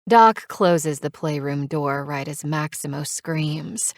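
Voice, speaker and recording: Brief: a deep-voiced woman reading a romance novel aloud, expressive, dry studio sound. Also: slow, no room sound. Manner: expressive, animated character voices. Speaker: audiobook narrator. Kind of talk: first-person romance audiobook narration.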